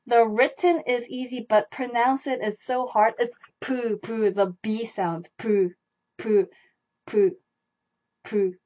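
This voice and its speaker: Over dull, lo-fi live stream audio, a young woman demonstrates Korean writing, saying the stroke directions and sounds again and again. She speaks a little high, at a measured pace, rarely pausing.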